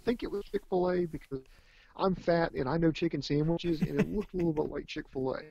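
A man's voice: fairly high pitch, a little fast, gravelly, a little mellow, slightly rough, no room sound, muffled recording. Luchtige man met doffe opname. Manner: easygoing, joking, many fillers. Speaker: podcast co-host. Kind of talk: casual wrestling review chat.

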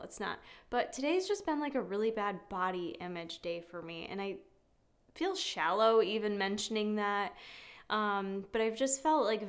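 A young woman talking casually to her vlog camera at home, chatty and candid, swearing now and then. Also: mid-range voice. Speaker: fitness vlogger. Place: home, at a meal. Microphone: camera on a tripod.

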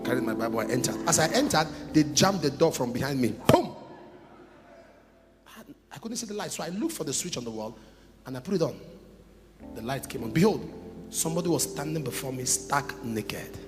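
A man preaching an animated, humorous storytelling sermon to a church congregation, now and then bursting into shouts. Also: mid-range voice, brisk, pauses often. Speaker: pastor. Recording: reverberant church hall with music. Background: instrumental music.

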